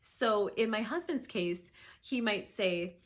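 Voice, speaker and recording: A woman in her thirties, a therapist and host, explaining conflict and apology in an earnest, emphatic talk that sometimes drops to a soft whisper. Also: medium pitch, animated, slow. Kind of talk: warm instructional talk to camera.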